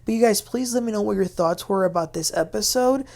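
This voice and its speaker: A woman's voice: mid-range voice, a little fast, vocal fry, darkish tone. A woman hosting a casual, opinionated reality TV recap, talking chattily with many fillers. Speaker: TV recap host.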